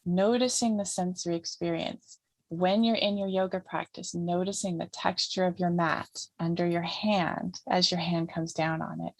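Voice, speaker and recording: A woman with a fairly low voice explains how to heal trauma in a calm, teaching manner. She repeats her phrases for emphasis. The sound is dry and close. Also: normal speed, gravelly, no echo. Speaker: trauma healing guest speaker. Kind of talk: teaching talk in an interview.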